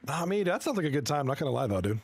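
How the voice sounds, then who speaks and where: A man giving live commentary on a video game hockey league, reacting excitably to plays and chatting with his viewers. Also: on the high side, husky. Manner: excitable, quick reactions to plays, chuckles often; chats with viewers between plays.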